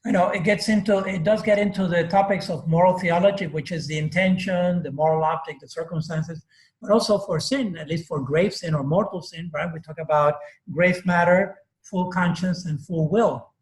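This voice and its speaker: A man's voice: sits high, steady tone, moderate pace, roomy sound, poor audio. A man leading a classroom discussion as course instructor, emphatic, repeating his points and laughing easily.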